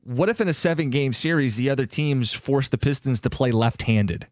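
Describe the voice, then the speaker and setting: Male sports radio host, middling pitch, opinionated and wry, dry close studio mic. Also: normal speed, no room sound. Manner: opinionated, wry, sarcastic asides. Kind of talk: sports talk radio banter. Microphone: studio microphone.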